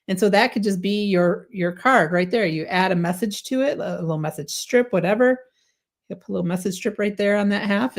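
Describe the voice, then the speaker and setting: A woman hosting a live craft stream, chatting enthusiastically through a product demo, sometimes tripping over her words and correcting herself. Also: medium pitch. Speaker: craft livestream host.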